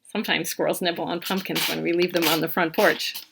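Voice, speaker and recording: A woman reading a picture book aloud to small children in an animated, interactive way. She asks questions, points out details and counts along with them. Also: on the low side, fairly quick, creaky, background noise. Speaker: storytime reader.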